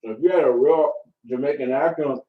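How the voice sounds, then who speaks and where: A man's voice: mid-range voice, normal speed. A man co-hosting a casual live Q&A, chiming in with short questions and remarks. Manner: asks short questions, brief interjections. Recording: dull, lo-fi sound.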